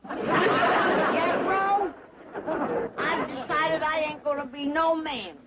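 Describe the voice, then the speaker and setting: Granny, a cranky old hillbilly. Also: female voice, sits high, drawn-out words, a loud crowd, very noisy. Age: older. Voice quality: sharp, scolding twang. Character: feisty old hillbilly grandma, stubborn and cranky. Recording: muffled old TV sound with laugh track.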